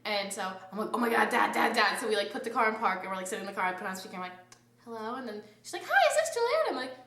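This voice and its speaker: A woman's voice: mid-range voice, fairly even intonation, rapid-fire, sharp tone, echoey room, recorded from a distance. A teenage girl telling a story to friends in a giggly, breathless way, laughing through her words. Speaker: fan vlogger. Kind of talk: casual group storytelling.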